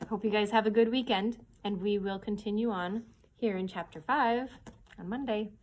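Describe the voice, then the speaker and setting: Expressive woman reading a children's story. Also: mid-range voice, rough recording. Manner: expressive storytelling, pauses to show pictures. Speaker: children's librarian. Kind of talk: read-aloud children's story time. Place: public library.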